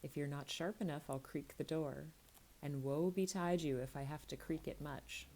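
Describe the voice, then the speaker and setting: A crafty, cruel little man hisses his threats in a half-whisper, low and gravelly, as a woman reading a storybook puts him on. The voice is dark and mellow rather than bright. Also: steady tone, normal speed, rough recording. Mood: threatening. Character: cruel scheming male dwarf, menacing and crafty.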